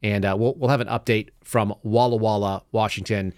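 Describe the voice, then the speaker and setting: A male podcast host talks in a quick, offhand way and laughs now and then at his own stories. His voice sits a bit low, and the studio sound is dry and close. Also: fairly even intonation, a little mellow, no room sound. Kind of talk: casual talk show monologue.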